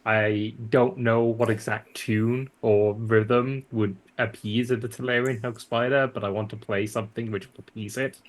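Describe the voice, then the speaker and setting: Halting man playing a tabletop game. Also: fairly low pitch, fairly even intonation. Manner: halting, repeats words while narrating actions. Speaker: player.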